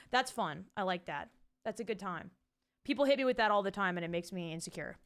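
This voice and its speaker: Fast and animated, a medium-pitched, fairly bright female voice belongs to a young woman streaming from home. She casually talks with viewers, reads out the chat, and swears freely into her pop-filtered desk mic.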